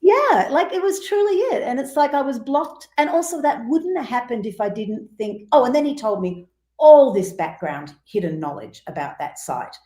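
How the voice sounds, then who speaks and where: A woman guest musician telling a long anecdote in a casual interview, animated and full of asides. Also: fairly high pitch, normal speed. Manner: animated, rambling, many asides. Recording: roomy echo.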